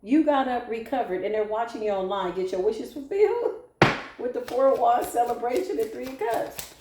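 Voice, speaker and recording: Sassy, animated woman tarot reader. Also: a little high, normal speed, background noise. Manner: animated, sassy and blunt, swears freely. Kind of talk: casual tarot reading to viewers. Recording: echoey room.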